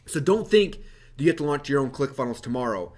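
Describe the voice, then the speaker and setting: A man presenting a webinar, telling his story to a live audience in a lively, animated way with many fillers. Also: medium pitch. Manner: energetic, animated, quick-talking with many fillers.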